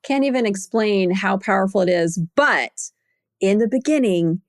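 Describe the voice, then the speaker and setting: Brief: middle-aged woman podcast host, animated storyteller, close dry mic, pitch swings up for quoted lines. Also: moderate pace, dry recording. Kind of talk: casual podcast chat.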